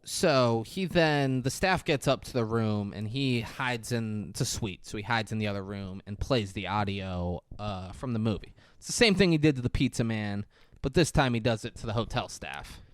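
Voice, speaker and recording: A man's voice: fairly low pitch, normal speed, hardly any pauses, clean tone, dry recording, studio quality. A man co-hosting a podcast, recapping a film in casual chat and acting out the quotes as he goes, with plenty of swearing. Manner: animated storyteller, acts out quotes, swears freely. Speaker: podcast co-host.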